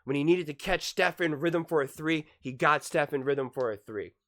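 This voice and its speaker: A man giving casual, excitable basketball commentary, emphatic and repeating himself, his voice sore from screaming. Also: fairly high pitch, moderate pace.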